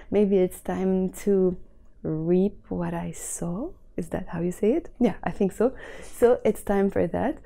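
A young woman with a Lebanese accent, explaining phrases slowly and carefully in a casual vlog lesson. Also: mid-range voice, mellow. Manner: slow careful word-by-word explanations. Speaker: Arabic teacher.

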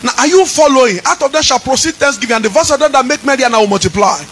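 Pastor, male, high pitched, sing-song preaching over faint music. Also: rapid-fire, low-quality recording. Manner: chanting, rising into shouts. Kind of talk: sermon.

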